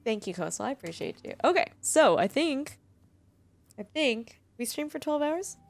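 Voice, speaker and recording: A young woman streaming live speaks with a high-sitting voice, wide pitch swings, vocal fry, and a normal pace. Chatting casually and reading to viewers, she's emotional and gushing, laughing often and nearly crying.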